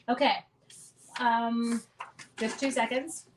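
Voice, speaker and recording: A woman's voice: mid-range voice, expressive, moderate pace, very noisy. A middle-aged woman teaching a card-making class live, chatting casually, greeting viewers by name and making self-deprecating asides. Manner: rambling storyteller mid-task. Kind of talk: casual live-stream craft tutorial.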